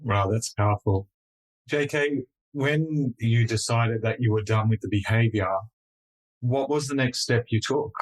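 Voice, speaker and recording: A man's voice: medium pitch, measured pace, low-quality recording. A man hosting a podcast, asking a guest follow-up questions in an encouraging, attentive way. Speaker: podcast host. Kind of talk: interview questions.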